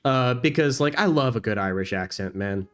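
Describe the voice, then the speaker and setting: A man's voice: mid-range voice, lively intonation, normal speed, smooth. Rambling, chatty male game streamer. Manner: rambling, enthusiastic, with many fillers and restarts. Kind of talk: casual chat while gaming.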